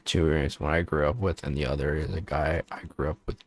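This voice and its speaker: A man's voice: a bass voice, fairly even intonation, fast talker. A man streaming and chatting casually, joking around, trailing off and repeating himself as he goes. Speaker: VTuber streamer. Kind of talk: casual livestream chat.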